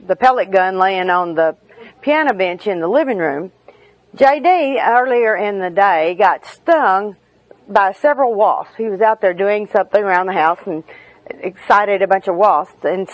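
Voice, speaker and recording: A woman's voice: medium pitch, no room sound, rough recording. A middle-aged woman giving a candid, humorous personal talk at a recovery meeting.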